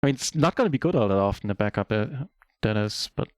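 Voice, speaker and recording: A German man whose first language is German, chatting casually in a relaxed, self-deprecating way while commentating his own poker game on a live stream. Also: on the low side, very fast, no room sound, studio quality.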